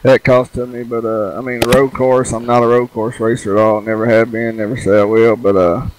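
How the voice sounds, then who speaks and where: A man's voice: medium pitch, level tone, a little fast, darkish tone, rough recording. Man, casual race driver. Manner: casual, rambling.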